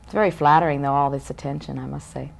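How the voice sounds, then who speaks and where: A woman's voice: sits low, steady tone, quick pace, creaky. A woman in her thirties, a guest in a casual interview, musing aloud and often breaking off to restart her sentences.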